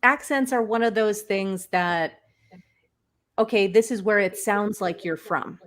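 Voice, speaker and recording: An energetic American woman explains vocal technique as a guest on an online show. She talks quickly and keeps her points flowing, and her voice sits at a medium pitch for a woman. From United States. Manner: quick, energetic, self-described fire hose. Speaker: guest voice and speaking coach. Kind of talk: conversational expert explanation.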